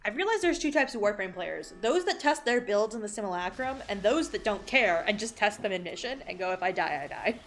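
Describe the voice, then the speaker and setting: A woman's voice: mid-range voice, animated, a little fast, hardly any pauses, fairly bright tone. A woman live-streaming a game, chatting casually with her viewers. She swears freely and hops from one tangent to the next in an everyday mid-range voice, with a faint hiss of noise underneath.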